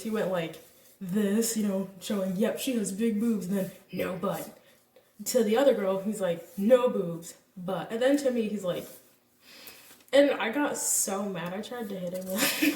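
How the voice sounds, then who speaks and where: A young woman vlogger casually telling a personal story, candid and animated, acting out what people said. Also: a little high, distant mic. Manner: candid, animated retelling with quoted voices and laughs. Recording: echoey room, voice a bit off-mic.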